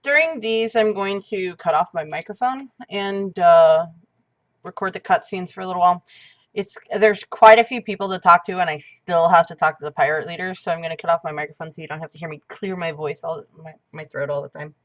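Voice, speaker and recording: A woman game streamer giving quiet, hesitant live stream commentary. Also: lowish voice, brisk, dry recording, muffled recording.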